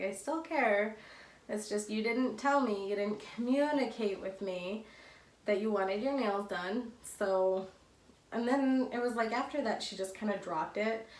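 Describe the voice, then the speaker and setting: A young woman telling a casual storytime, rambling and chatty with lots of fillers and restarts. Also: mid-range voice. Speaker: vlogger. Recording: roomy echo, a bit far from the mic.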